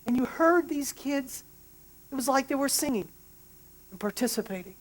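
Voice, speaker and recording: A middle-aged man preaching a sermon, an emotional storyteller who restarts sentences and adds quick asides. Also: very high-pitched, animated. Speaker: pastor.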